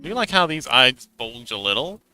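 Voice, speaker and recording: A man's voice: medium pitch, very animated, fairly quick, sharp tone, soft background music. A man streaming live, chatting casually with viewers and reading chat aloud, with frequent stammered restarts and giggles.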